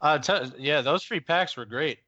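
Chatty man with a bright voice. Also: on the high side, unhurried, no echo. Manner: chatty, laughs easily, agreeable. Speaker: podcast co-host. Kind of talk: casual podcast chat. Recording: dull, dry lo-fi podcast audio.

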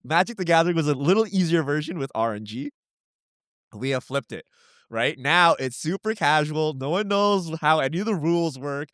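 A man co-hosting a podcast in casual chat, talking fast and opinionated and tagging his points with "right?". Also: a little high, expressive, a bit bright, no echo, studio quality. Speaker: podcast co-host.

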